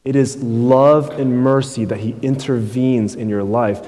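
A man's voice: mid-range voice, steady tone, unhurried, mellow, big-room sound. A male pastor delivering a sermon in a loose, conversational way, often checking in with his listeners. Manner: conversational preaching, keeps tagging "right?" and "man".

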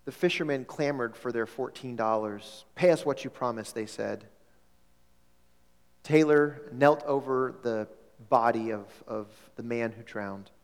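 A man's voice: medium pitch, unhurried. A male pastor telling a story in a sermon, with a conversational delivery that repeats words and asks the congregation questions. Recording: long hall reverb.

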